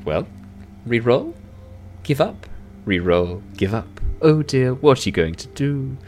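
A man's voice: medium pitch, lively intonation, takes it slowly, a little mellow, soft background music, pitched above the performer's own voice. A man doing a smug, taunting half-elf.

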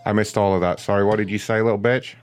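A man's voice: on the low side, steady tone, quick pace, smooth. A man making a prank call as a rude customer service agent, insulting and taunting the customer in a smug way.

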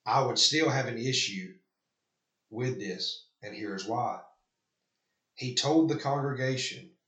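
A man's voice: medium pitch, a little slow, a bit bright, echoey room, rough recording. A man preaching a sermon, earnestly reading quoted lines aloud and then rebutting them. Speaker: pastor. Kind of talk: sermon critiquing an article.

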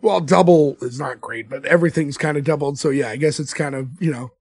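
A man's voice: fairly high pitch, a little fast, darkish tone, husky, no room sound, clean studio sound. A man co-hosting a casual movie podcast, retelling scenes and laughing often. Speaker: podcast co-host. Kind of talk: casual movie-review chat.

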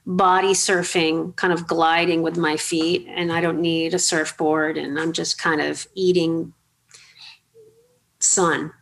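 A middle-aged woman hosting an interview, telling chatty, animated anecdotes with many fillers. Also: deep voice, slow pace, gravelly. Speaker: podcast host. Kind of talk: casual storytelling interview.

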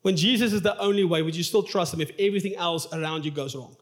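A man's voice: high-pitched, fast. A male pastor preaching a sermon in a church, telling a personal story in an open, emotional, confessional way.

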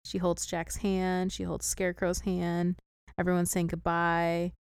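A woman's voice: lowish voice, monotone, measured pace, smooth, dry recording, studio quality. A woman in casual chat, retelling a film's plot step by step and laughing often. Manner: chatty plot recap, giggly. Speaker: podcast co-host recapping a film.

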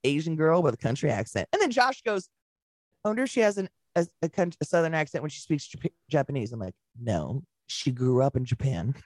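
Her voice sits low and her pace is brisk, captured cleanly in the studio with no room sound. As a podcast co-host in casual conversation, she tells lively stories, performs the quotes herself, and swears without holding back.

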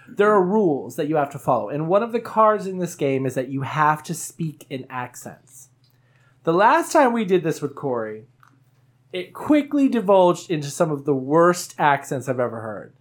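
A woman hosting a podcast, chatting and laughing with friends in a rambling, animated way. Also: on the low side. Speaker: podcast host. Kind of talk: casual chat with friends.

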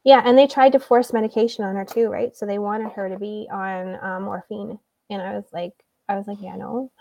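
A woman's voice: medium pitch, fairly even intonation, brisk, warm tone, no echo, distant mic, low-quality recording. A woman as an interview guest, a mother telling her own story and acting out what other people said. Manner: retells events by acting out quoted dialogue. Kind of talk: conversational storytelling.

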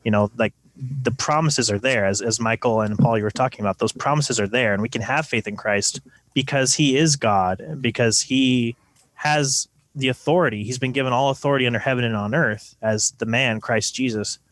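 A man's voice: medium pitch, moderate pace, fairly bright tone, no echo. A man co-hosting a podcast, earnestly explaining scripture with math analogies in casual discussion. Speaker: podcast co-host.

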